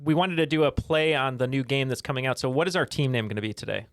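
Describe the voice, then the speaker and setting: A man's voice: medium pitch, quick pace, no echo. Guy on a trivia pod talking answers out w his teammate, dry sound. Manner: friendly, thinks aloud with fillers. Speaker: podcast co-host and player. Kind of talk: casual podcast banter.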